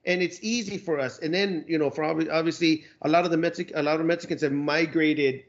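A man from Arizona co-hosting a podcast, telling stories in a relaxed, slangy way with bits of Spanish slang. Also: fairly high pitch, quick pace. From Arizona, United States. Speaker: podcast co-host. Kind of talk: casual chat. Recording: muffled lo-fi audio.

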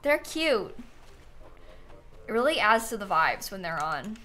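A woman's voice: medium pitch, very animated, unhurried, pushed and bright, faint music behind. A young woman livestreaming a game, chatting casually and thinking aloud, sleepy and yawning as she thanks viewers. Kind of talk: casual gaming stream chat.

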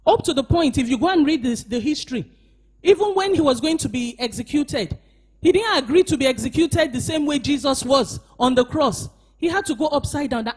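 Preaching at a church service, a female pastor alternates between loud, emphatic lines and quiet asides while calling for responses from the congregation. Her voice sits high and sounds slightly rough, expressive and delivered at a moderate pace.

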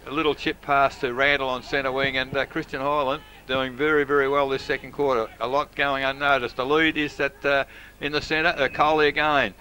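An older Australian man giving local radio football commentary, hesitant with frequent fillers and quiet asides. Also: medium pitch, level tone, a little fast, a little hiss or hum, rough recording.

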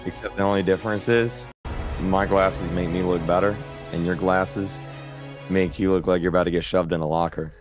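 Low-voiced american guy on a call, deadpan roasts, music going underneath. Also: normal speed. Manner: dry roasting comebacks. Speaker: guest streamer. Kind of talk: casual call banter. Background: background music.

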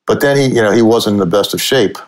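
A man's voice: fairly low pitch, fast. A man in his sixties from Cincinnati, a sportswriter guest telling stories in a casual, chuckling way. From Cincinnati, USA. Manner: chuckling, animated storyteller. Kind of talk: casual anecdotal storytelling.

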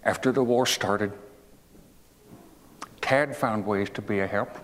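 A historical reenactor playing a 19th-century president reads a fable aloud in a fairly low voice at a slow pace, sounding like a folksy storyteller. He's homespun and digressive, tossing in asides and asking his listeners questions. The echoey hall carries faint ambient noise.

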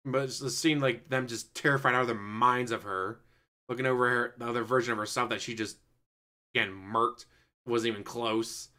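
A man recapping and reviewing a movie in a casual, animated way, swearing now and then and acting out bits of scenes. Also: medium pitch. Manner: animated, acts out scenes in quick mock voices.

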